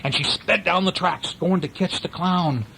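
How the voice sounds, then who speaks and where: An older man reading a picture book aloud to a child, animated and pointing out the pictures. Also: high-pitched, normal speed, creaky, a little hiss or hum, rough recording. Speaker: storyteller.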